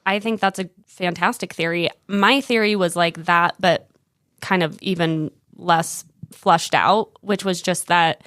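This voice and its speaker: A woman hosting a podcast in casual chat, agreeable and quick to laugh. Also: lowish voice, steady tone, fairly bright tone, no echo, studio quality.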